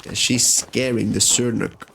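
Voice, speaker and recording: A man's voice: on the low side, steady tone, measured pace, vocal fry, a bit bright, slight background noise. A man giving chatty commentary as he plays a video game and talks to its characters. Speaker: let's-play host. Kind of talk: gameplay commentary. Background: faint game music.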